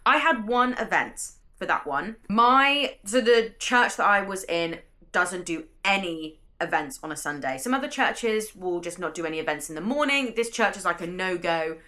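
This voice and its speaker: A woman's voice: lowish voice, lively intonation, moderate pace, bright, forceful tone. A young British woman vlogging casually about her work week as a bookseller, chatty and enthusiastic, her sentences running on. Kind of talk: casual vlog narration. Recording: staticky audio.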